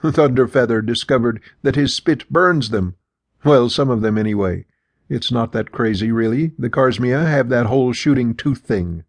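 A man voicing a husky young winged warrior woman. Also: mid-range voice, moderate pace, no room sound, close to an everyday voice. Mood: amused. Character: young female winged bird-folk warrior, urgent and bold.

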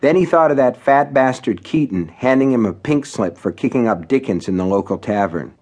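A man's voice: mid-range voice, animated, a little fast, darkish tone, slightly rough. A man narrating his own horror novel for an audiobook. His telling is wry and conversational, dry humor slipping into the prose.

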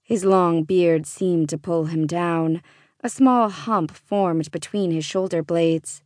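A woman narrating a fantasy audiobook in a measured, even reading. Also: on the low side, no echo, studio quality. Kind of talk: scripted narration.

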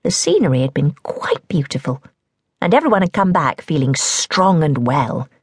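Lively, husky woman reading a children's story. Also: low-pitched, moderate pace, no echo, clean studio sound. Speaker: audiobook narrator. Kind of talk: storytelling narration of a children's novel. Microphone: close studio mic.

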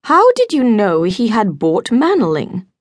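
A woman's voice: fairly high pitch, wildly swooping pitch, measured pace, no room sound, clean studio sound, voice pushed up, heavily acted. A woman voicing a fretful, social-climbing titled mother in an audiobook, exclamatory and plaintive.

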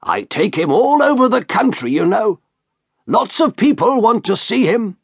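A man's voice: high-pitched, sing-song, a little slow, breathy edge, no echo, pitched above the performer's own voice, heavily acted. A man reading an audiobook, voicing an obsequious male shopkeeper who keeps calling his customer sir. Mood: fawning. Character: fawning, pushy male showman shopkeeper. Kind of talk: audiobook character voice.

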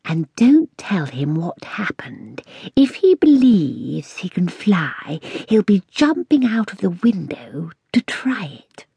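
A woman voicing an old, wise female cat in a storybook, speaking slowly in a hushed whisper. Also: lowish voice, very animated, gravelly, husky, no room sound, heavily acted.

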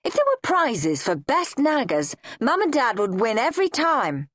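Woman narrator voicing a bratty English boy, sulky and snappish, storybook, lively pitch. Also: a little slow, no room sound, studio quality, full character voice. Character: cheeky mischievous young boy, rude and scheming.

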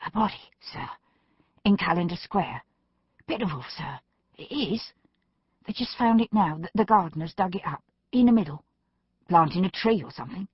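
A woman's voice: fairly low pitch, lively intonation, moderate pace, creaky, slightly rough, no room sound, muffled recording, full character voice. A woman voicing a timid young male police constable in an audiobook, flustered and stammering for breath.

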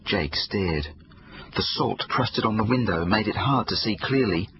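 A man reading his own children's book aloud, expressive storytelling. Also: on the low side, a little slow, muffled recording, a little hiss or hum. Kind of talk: audiobook narration for children.

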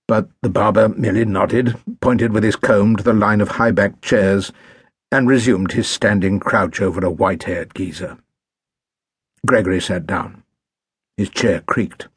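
A man narrating an audiobook in a measured, wry storytelling manner, recorded in a studio. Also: on the low side, breathy edge, no echo.

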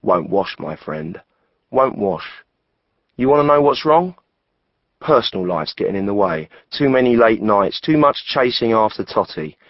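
A coarse, sneering City boss with a gruff, mocking voice. His tone sits low and dry, heard on a slightly dull recording. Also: sing-song, a little slow, no echo. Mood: scornful.

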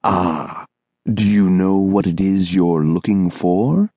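A man voicing an eerie, towering thin male stranger in an audiobook, with a musical, sing-song voice and a slow, coaxing, commanding manner. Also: deep voice, fairly even intonation, dark tone, no echo, clean studio sound, full character voice. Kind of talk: audiobook character voice.

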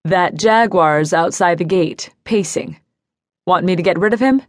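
A woman's voice: lowish voice, a little slow, dry recording, studio quality. A woman voicing a protective young man in an audiobook, speaking plainly and matter-of-factly. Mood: calm.

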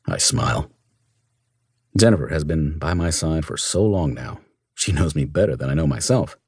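A man narrating a first-person audiobook in a smooth, measured storytelling manner. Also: extremely low pitch, lively intonation, darkish tone, dry recording, clean studio sound.

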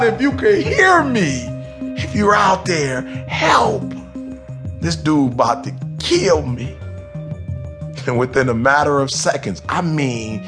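Emphatic man telling his own story. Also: mid-range voice. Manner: emphatic, animated, conversational, with restarts. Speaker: author narrating his memoir. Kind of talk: audiobook storytelling.

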